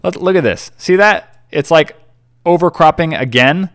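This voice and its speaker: Lively rambling young man narrating a game build. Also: on the high side, moderate pace. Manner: rambling, chatty, stumbles over words. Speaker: gaming YouTuber. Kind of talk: casual Minecraft build commentary.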